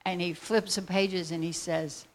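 A woman telling a faith testimony as a lively, excitable story. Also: lowish voice, unhurried. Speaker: speaker sharing a faith testimony.

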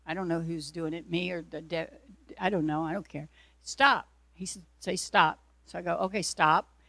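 A woman's voice: lowish voice, fairly even intonation, a little fast, creaky, no room sound. A woman preacher giving an earnest sermon testimony, telling her story and acting out her own prayers and God's replies.

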